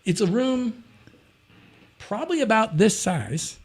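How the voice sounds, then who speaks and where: A man talking as a podcast guest, telling a long story in an animated, rambling way and acting out other people's voices. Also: high voice, takes it slowly, breathy edge. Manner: rambling, with frequent restarts and "you know". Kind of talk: casual anecdote storytelling.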